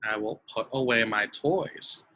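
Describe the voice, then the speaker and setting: A young man teaching young children in an online lesson, speaking slowly in a sweet, sing-song way. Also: on the low side, sharp tone, poor audio.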